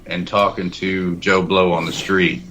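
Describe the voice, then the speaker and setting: A man's voice: low-pitched, little pitch movement, measured pace, bright, forceful tone. A man talking as a guest in a roundtable discussion, rambling and philosophical, with lots of restarts. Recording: muffled lo-fi audio with faint hiss.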